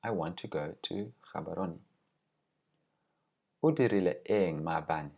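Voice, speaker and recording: A man with a very low, husky voice teaches a recorded language lesson. He reads short example phrases, then walks through each word patiently and slows on the important ones. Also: a little mellow, highs cut off. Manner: patient, explains word by word, slows on key words.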